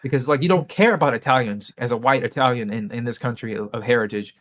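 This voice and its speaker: A man's voice: fast talker, fairly bright tone. Male streamer host, casual profane rant, mid-range voice, mocking asides. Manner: profane, mocking, puts on high mock voices. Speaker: livestream host.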